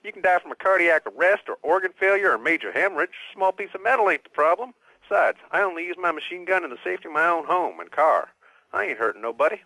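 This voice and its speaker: A man's voice: high voice, expressive, fast talker, bright, forceful tone, dry recording, heavily acted, poor audio. An actor playing a gun-obsessed male caller who rambles confidently about guns. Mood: blustering. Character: gun-loving male caller, bluntly self-assured.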